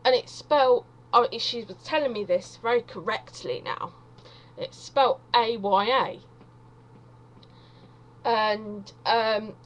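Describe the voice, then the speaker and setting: Slow-talking chatty woman, rambling stand-up. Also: a little high, low-quality recording. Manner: chatty, self-deprecating, wandering asides. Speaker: vlogger doing stand-up.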